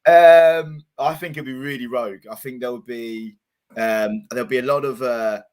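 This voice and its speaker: A man's voice: medium pitch, fairly even intonation, normal speed, a little mellow. A young man, co-hosting a football chat show, teasing his partner and calling him mate. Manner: teasing, says "mate" often. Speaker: co-host. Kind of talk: casual banter chat.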